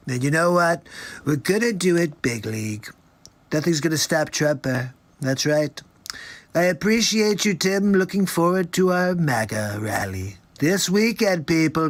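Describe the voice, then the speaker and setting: A man doing a bragging blowhard politician. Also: fairly high pitch. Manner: bragging, repetitive, superlative-heavy. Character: boastful blustering older male politician. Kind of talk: comedic celebrity impression on a livestream.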